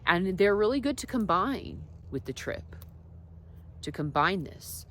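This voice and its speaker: A woman telling personal stories in a casual, reflective vlog. She drifts between soft asides and emphatic points. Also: medium pitch, big pitch swings, a little slow, slight background noise. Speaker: wellness vlogger.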